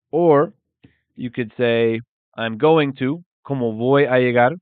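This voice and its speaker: Male teacher, measured and patient, drills example phrases; dry, phone-like recording. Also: mid-range voice, smooth, no echo. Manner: explains slowly, repeats example phrases with emphasis. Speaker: English teacher. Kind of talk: bilingual live language lesson. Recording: dry, phone-like narrow sound.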